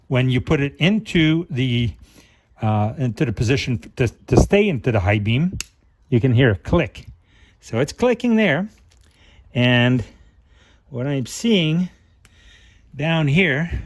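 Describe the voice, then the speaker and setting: Slow-talking man fixing a switch. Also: medium pitch. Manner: unhurried, thinking aloud while working; talks with a flashlight in his mouth at times. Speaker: car repair channel host. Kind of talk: hands-on repair demonstration.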